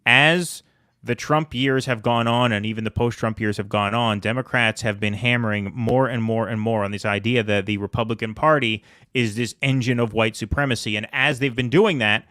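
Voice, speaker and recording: A man hosting a live election-night show, analyzing results with brisk, joking banter. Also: medium pitch, fairly even intonation, a bit bright, dry recording, studio quality. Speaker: political show host.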